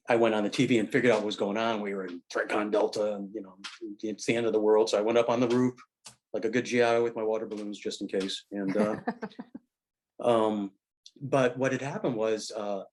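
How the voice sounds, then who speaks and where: A middle-aged man and military veteran in casual conversation, telling stories in a halting way full of fillers and restarts. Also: lowish voice. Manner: rambling anecdotal storyteller.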